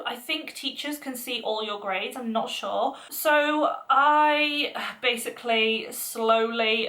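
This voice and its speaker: A woman's voice: on the high side, a bit bright. A young woman vlogger chatting through a personal story in a casual, filler-heavy, emotional way. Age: young adult.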